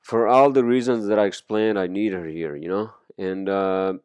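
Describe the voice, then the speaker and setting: A man's voice: deep voice, fairly even intonation, moderate pace, darkish tone, clear, resonant tone, no room sound. A man hosting a podcast, talking in a rambling, profane, casual monologue full of fillers. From immigrant to the US. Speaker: podcast host.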